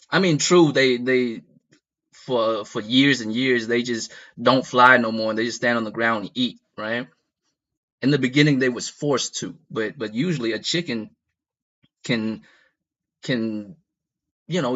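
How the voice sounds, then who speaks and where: Chuckling at his own rambling, profanity-laced story, a man keeps looping back over the details as he tells it for laughs in a casual setting. His tone is bright and forceful, his pitch mid-range, and the audio comes across a bit dull and muffled.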